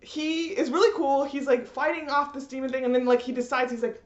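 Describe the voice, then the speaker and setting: A woman ranting in a rambling, animated way, full of fillers, in a roomy, slightly dull recording. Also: high-pitched, fast talker, hardly any pauses. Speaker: vlogger. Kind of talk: ranting commentary.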